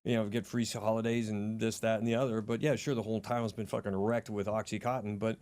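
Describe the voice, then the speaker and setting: Fast-talking profane male comedian. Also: on the low side, level tone, darkish tone. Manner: profane, storytelling with acted quotes. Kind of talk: casual chat. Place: studio.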